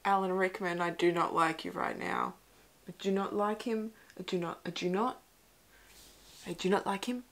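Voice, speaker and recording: A woman's voice: fairly low pitch, normal speed, fairly bright tone. A young woman hosting a casual movie reaction, chatty and emotional, with whispered asides. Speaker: host.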